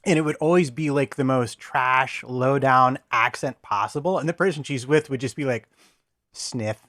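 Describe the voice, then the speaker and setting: A man's voice: mid-range voice, moderate pace, a bit bright, no room sound, studio quality. An American man co-hosting a casual chat over a video call, telling stories wryly. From United States.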